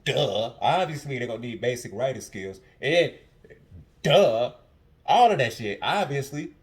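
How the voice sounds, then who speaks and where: A man's voice: mid-range voice, animated, measured pace. A young man hosting a casual podcast at home, talking in a passionate, profane monologue that repeats itself. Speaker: podcast host.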